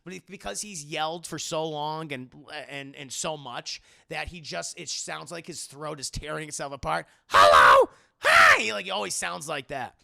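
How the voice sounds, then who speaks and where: A man chatting casually on a livestream, swearing freely and loudly imitating game lines. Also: on the high side, moderate pace, vocal fry, hardly any pauses, no room sound, clean studio sound. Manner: profane, animated, quoting game lines in loud voices. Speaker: streamer answering viewer questions.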